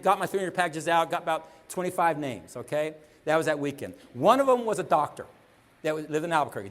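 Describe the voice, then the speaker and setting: A man gives a motivational talk, telling a long story at a rapid clip. His voice sits on the higher side. He acts out both sides of each conversation, repeats himself as he goes, and keeps checking in with the crowd. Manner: animated storytelling, acts out dialogue, frequent "okay?"; fast, rambling, repeats words. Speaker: network marketing speaker.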